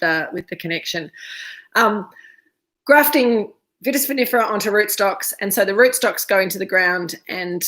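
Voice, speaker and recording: Casual female wine host on a video call, mid-range pitch, talkative, rambling and playful. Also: a bit bright. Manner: chatty, digressive, easily sidetracked. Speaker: wine expert hosting a virtual tasting. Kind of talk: casual live-streamed presentation.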